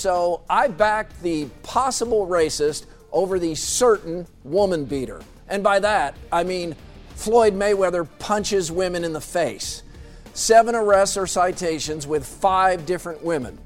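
A man co-hosting a sports talk show, delivering a wry, punchy scripted commentary. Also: sits high.

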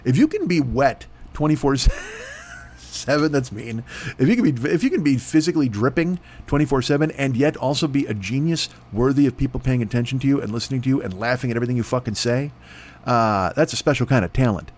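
A podcast host with a mid-range, slightly mellow voice speeds through a profane, rambling ad read on his comedy show. His throat sounds dry, and he riffs with mock announcer voices.

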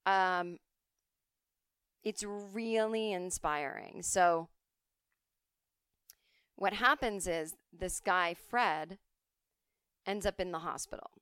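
A woman hosting a podcast from home, talking casually and telling stories in an animated way, often jumping into quoted voices. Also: fairly low pitch, extremely slow, long pauses, smooth, no room sound. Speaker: podcast host. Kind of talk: casual monologue.

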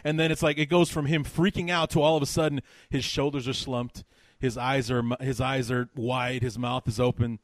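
A man hosting a sports podcast, telling stories in an animated, casual way with many fillers. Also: medium pitch, moderate pace, dry recording. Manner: animated storyteller, lots of fillers. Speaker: podcast host.

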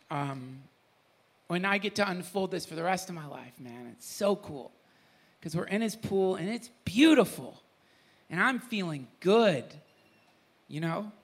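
Bright-voiced man telling a story. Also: sits high, gravelly. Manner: animated, laughing, voice breaking with emotion. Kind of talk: emotional storytelling conversation. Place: retreat gathering with an audience.

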